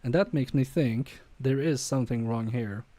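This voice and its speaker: A man's voice: medium pitch, moderate pace, dark tone, dry recording. A man streaming an electronics repair live, muttering to himself and joking with viewers about his own mistakes. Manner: muttering to himself and chatting to viewers, self-deprecating.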